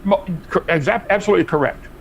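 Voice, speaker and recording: A man's voice: sits high, fast, vocal fry, a little hiss or hum. A man arguing emphatically in a live-stream debate, his voice jumping up when he presses a point. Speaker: debate guest.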